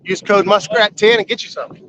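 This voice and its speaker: A man hosting a casual live fishing stream from a boat on a river, folksy and excitable, whooping when a fish is released. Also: high-pitched, fast. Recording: lo-fi outdoor stream with boat noise.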